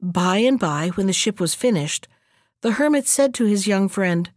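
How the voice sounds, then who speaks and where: Lively woman reading a fairy tale. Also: medium pitch, moderate pace, no room sound, clean studio sound. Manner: lively, expressive. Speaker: narrator. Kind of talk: storybook reading.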